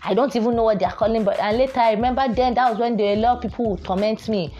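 A woman's voice: on the high side, steady tone, rapid-fire, few pauses, dark tone. A young woman with a Nigerian accent, telling a story casually and animatedly, mixing in Pidgin phrases. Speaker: vlogger.

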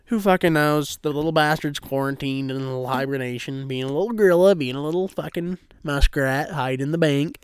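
A man's voice: on the high side, fairly quick, hardly any pauses, clean tone, no room sound. A man hosting his own podcast, brash and swearing constantly in loose banter. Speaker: podcast host. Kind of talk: crude casual podcast banter.

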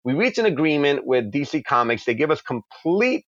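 A man's voice: fairly high pitch, very animated, fairly bright tone, dry recording, muffled recording. A man, a comic book creator, answering interview questions with passionate, flowing stories. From New York. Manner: passionate, quick-flowing, with acted asides. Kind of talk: animated storytelling in an interview.

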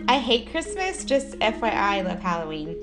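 A woman's voice: medium pitch, sing-song, normal speed, over music. A woman from Texas in her forties co-hosting a podcast in casual chat, joking, swearing freely and laughing often. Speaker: podcast co-host.

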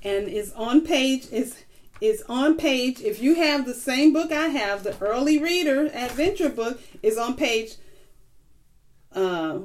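A woman's voice: sits high, animated, slow pace. A middle-aged woman teaching a children's Bible lesson in a coaxing, sing-song way, asking the listeners questions.

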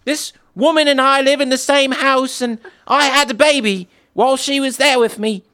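A man putting on a shrill, melodramatic voice for a distraught mother pleading before a king. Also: takes it slowly, fairly bright tone, heavily acted.

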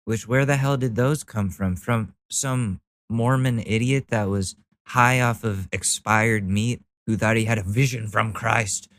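A man's voice: mid-range voice, unhurried, hardly any pauses, a bit bright, dry recording. A man ranting sarcastically in commentary, exasperated and heavily profane as he mocks the posts he reads. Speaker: political commentary vlogger.

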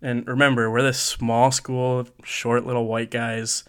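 This Michigan man's voice is smooth and medium-pitched, with little pitch movement and a slightly slow pace. Co-hosting a podcast, he shares stories casually and jokingly, laughing often.

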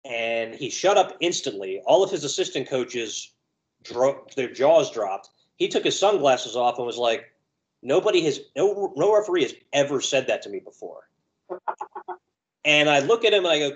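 A man's voice: medium pitch, animated, normal speed, low-quality recording. A man, a lacrosse referee, telling an anecdote in a conversational way and acting out the voices he quotes. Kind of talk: conversational storytelling.

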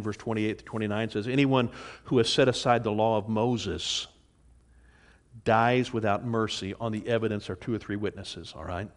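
Man preaching a sermon with many restarts. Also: fairly low pitch. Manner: impassioned, repeats words and restarts, acts out quoted voices. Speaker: pastor.

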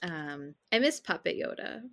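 Bright-voiced woman chatting casually. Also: fairly low pitch, big pitch swings, a little slow. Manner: chatty, many "like" fillers, opinionated. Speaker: podcast co-host. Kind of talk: casual chat about films.

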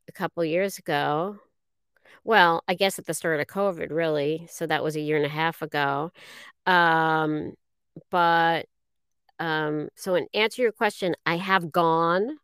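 Smooth-voiced woman, halting and modest. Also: lowish voice, a bit bright, no room sound, studio quality. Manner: halting and self-deprecating, many fillers. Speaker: guest voice actress. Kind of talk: casual interview chat.

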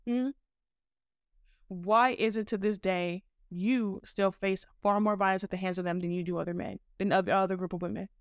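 Woman podcast host, impassioned and profane; clear voice, dry and close-miked. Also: mid-range voice, steady tone, normal speed, dry recording. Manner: blunt, fiery, profane.

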